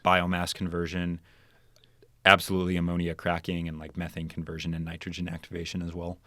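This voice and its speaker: A man's voice: low voice, monotone, fairly quick, pushed and bright, no room sound, clean studio sound. A young man, a chemical engineer, explaining his research in a casual interview, with many ums and likes. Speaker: podcast guest, chemical engineer.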